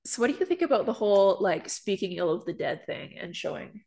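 A woman's voice: medium pitch, very animated, brisk, gravelly, darkish tone. A young woman from Canada co-hosting a podcast, chatting casually and filling her sentences with "like" and "um". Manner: chatty, lots of "like" and "um" fillers. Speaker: podcast co-host. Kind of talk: casual chat.

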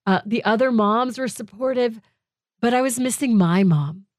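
A woman's voice: on the high side, moderate pace, dry recording, studio quality. A middle-aged woman hosting her own podcast, speaking in a heartfelt, emphatic way and repeating phrases for weight. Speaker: podcast host. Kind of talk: personal reflective monologue.

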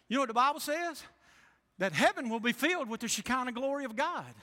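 A man's voice: very high-pitched, expressive, quick pace, sharp tone, big-room sound. A male pastor preaching a folksy sermon, acting out voices. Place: church.

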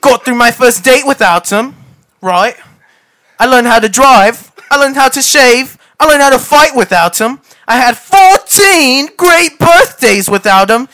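Putting on a British accent, a man plays a brash young man whose father abandoned him, giggling his way through an amateur scene reading with mock-British slang. His voice is very high, bright and forceful, animated yet unhurried, a full character voice.

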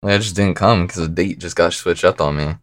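A young man appears as a podcast guest in a casual chat, sounding laid-back and a bit mumbly and laughing often. His voice is deep, brisk, and a bit bright.

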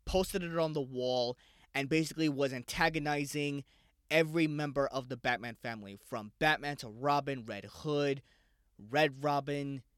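A man's voice: mid-range voice, fairly bright tone, clear, resonant tone, dry recording, studio quality. A man hosting a casual solo podcast, rambling loosely and swearing freely. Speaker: podcast host.

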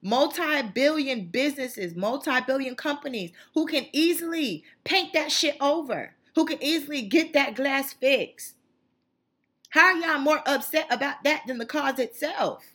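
Fiery bright-voiced woman ranting. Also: high-pitched, lively intonation, unhurried. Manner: fiery, emphatic, repetitive. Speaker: channel host. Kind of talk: impassioned monologue.

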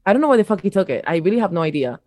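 A young woman telling a story in casual podcast chat, blunt and animated, swearing freely. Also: medium pitch, very fast, no room sound. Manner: blunt, profane, animated retelling. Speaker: podcast co-host.

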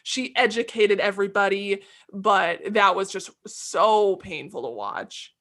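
A woman co-hosting a podcast, chatting casually and venting her opinions with animated emphasis. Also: mid-range voice. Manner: animated, opinionated, quick to vent. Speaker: podcast co-host. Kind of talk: casual chat.

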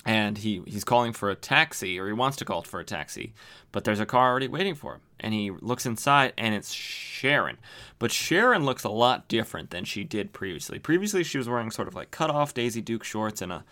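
Rambling man recapping comics, low voice. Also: bright, forceful tone. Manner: rambling, filler-heavy. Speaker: podcast host. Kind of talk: casual comic book recap.

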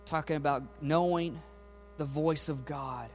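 In a church sanctuary, a pastor with a slightly high, fairly even voice preaches a little slowly. He's emphatic and asks the congregation call-and-response questions; faint music and mains hum linger underneath.

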